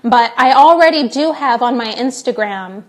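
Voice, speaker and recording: A woman's voice: fairly high pitch, expressive, normal speed. A young woman, an English teacher hosting a casual live-stream Q&A, joking playfully and reading viewer questions aloud on a phone.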